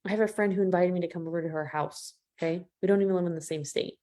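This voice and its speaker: A woman coach with a mellow voice leads a live training for her listeners. She talks to them warmly as "y'all" and acts out the quoted voices with big swings in pitch. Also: fairly even intonation, quick pace. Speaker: business coach.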